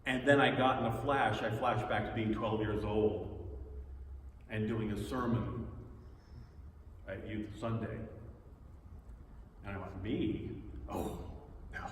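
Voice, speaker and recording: A man's voice: on the low side, steady tone, takes it slowly, long pauses. Earnest man in an echoey hall. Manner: earnest, reflective storytelling with wry self-deprecating humor. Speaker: speaker sharing a personal spiritual story. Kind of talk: personal testimony talk. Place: church hall. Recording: echoey hall, distant mic, faint noise.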